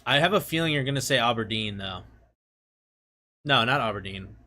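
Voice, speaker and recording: A man talks casually to his viewers, his pitch swinging up and down as he goes. He is chatty and laughs easily. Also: moderate pace. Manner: chatty, laughs often, animated. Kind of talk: casual chat.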